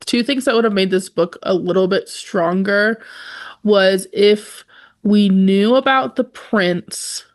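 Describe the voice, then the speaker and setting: A young woman co-hosting a podcast chats casually about a book, laughing a lot and using many fillers. Her mid-range voice moves at a slow pace.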